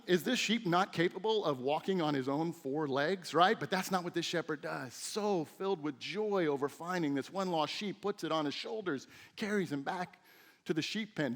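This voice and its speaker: A middle-aged man preaching a sermon as a teaching pastor, telling stories with lively, acted-out quotes. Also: sits high. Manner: animated storytelling with acted-out quotes. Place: church sanctuary.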